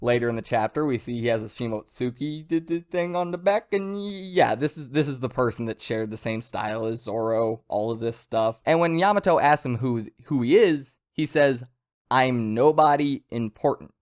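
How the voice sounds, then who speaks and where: A man's voice: medium pitch, lively intonation, moderate pace, few pauses. Male manga reviewer, mid-range voice, casual, eager, filler-heavy recap delivery. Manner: chatty, enthusiastic, many fillers and restarts. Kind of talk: casual spoken chapter review.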